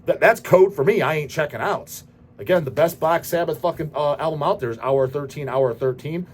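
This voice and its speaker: A man's voice: on the high side, a little fast, a little hiss or hum. A man hosting a show, answering viewer questions in a profane, ranting casual style. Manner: profane, ranting, repeats goddamn. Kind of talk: casual rant.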